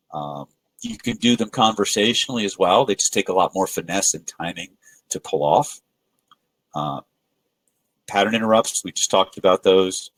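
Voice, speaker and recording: A man's voice: fairly low pitch, no echo, poor audio. A man presenting a live webinar on persuasion, telling stories and acting out the people in them, with frequent restarts. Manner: animated storyteller acting out quoted voices, frequent filler restarts. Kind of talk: live webinar teaching with storytelling.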